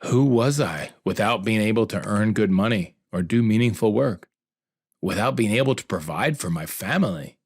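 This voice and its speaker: A man's voice: fairly low pitch, expressive, moderate pace, breathy edge, no echo, studio quality. A man hosting a podcast, narrating a personal story in an earnest, reflective and heartfelt way. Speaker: podcast host.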